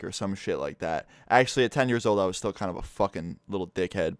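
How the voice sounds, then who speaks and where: A man's voice: fairly low pitch, clean tone, no room sound, clean studio sound. A man telling a childhood story in a casual, profane vlog style. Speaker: vlogger.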